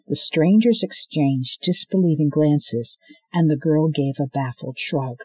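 A man reads a novel aloud at a steady storytelling pace, shifting into characters' voices for the dialogue. His voice is husky and sits a little high. The sound is dry and close. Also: unhurried, dry recording, low-quality recording. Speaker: audiobook narrator. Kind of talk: scripted narration.

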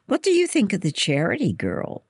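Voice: mid-range voice, wildly swooping pitch, moderate pace, slightly rough, dry recording, clean studio sound, pitched above the performer's own voice, heavily acted. A reader voicing a spiteful teenage schoolgirl who mocks and taunts. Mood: sneering. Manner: mocking, taunting.

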